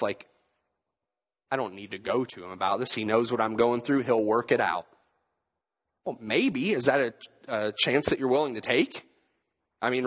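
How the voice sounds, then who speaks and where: Male preacher, chatty sermon delivery, slightly raspy, long hall echo. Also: medium pitch, fairly bright tone. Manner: conversational, asks the listeners questions, acts out quotes.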